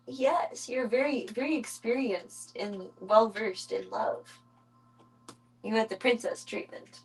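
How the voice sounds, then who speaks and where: Streamer, woman, higher voice, casual home chat, slips into high cooing baby talk for the kittens. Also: slow, gravelly, rough recording. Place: home room with cat enclosure.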